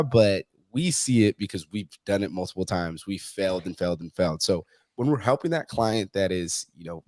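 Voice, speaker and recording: Low-voiced, blunt, profane man. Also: quick pace, darkish tone, no echo, clean studio sound. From Mexican heritage. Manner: blunt, profane, storytelling with quoted asides. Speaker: fitness coach, guest. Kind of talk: casual interview chat.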